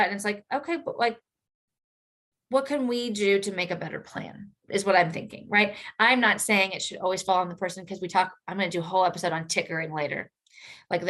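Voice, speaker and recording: A woman hosting a podcast alone, talking casually about relationship habits, often adding "like" and "right?", with her voice rising for emphasis. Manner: chatty, many "like" and "right?" tags; lively, jumps up in pitch for emphasis. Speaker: podcast host, therapist educator. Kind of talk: casual educational monologue.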